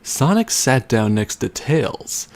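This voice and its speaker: A man's voice: mid-range voice, big pitch swings, takes it slowly. A young man on a livestream reading a fan story aloud for comedy, often breaking into laughter and wry asides. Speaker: livestreamer reading for a charity stream.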